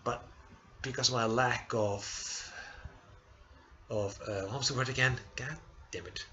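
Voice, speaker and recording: Halting tearful young man, lo-fi. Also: medium pitch, steady tone, pushed and bright. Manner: halting, hesitant, many restarts and apologies. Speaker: vlogger. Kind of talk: casual personal update.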